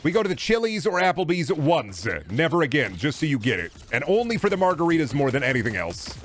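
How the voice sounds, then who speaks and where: A man's voice: a little high, big pitch swings, fast, slight background noise. A man streaming a video game, chatting casually and ranting with lots of swearing, slipping in goofy riffs. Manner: rambling, profane, riffs into silly voices. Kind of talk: casual gaming stream chat.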